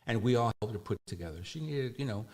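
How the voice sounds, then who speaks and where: A man being interviewed as a musician guest, talking in a relaxed, rambling way with many fillers. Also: mid-range voice, quick pace. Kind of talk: casual interview.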